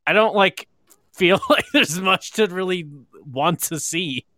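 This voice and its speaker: A man's voice: sits high, measured pace, sharp tone, dry recording, studio quality. A man co-hosting a podcast, joking around and reading listener comments aloud. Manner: joking, does silly impressions, reads chat aloud. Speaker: podcast co-host. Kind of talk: casual chat.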